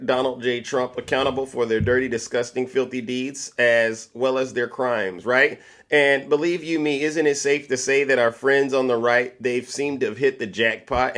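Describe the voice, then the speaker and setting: A man's voice: medium pitch, fairly bright tone. Showboating male livestream host. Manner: boastful, showman catchphrases. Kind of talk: political commentary livestream.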